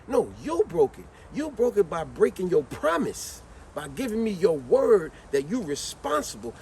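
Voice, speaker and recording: A man telling a casual story in an animated, slangy, lecturing way, recorded inside a vehicle. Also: fairly high pitch, distant mic, a little hiss or hum. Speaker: vlogger.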